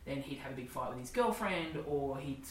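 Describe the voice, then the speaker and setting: Australian comedian, woman, forties; low voice, quick talker, roomy distant sound. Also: lively intonation, slight background noise. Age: 40s. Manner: candid, swearing, laughing storyteller. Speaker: comedian guest. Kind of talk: casual storytelling chat.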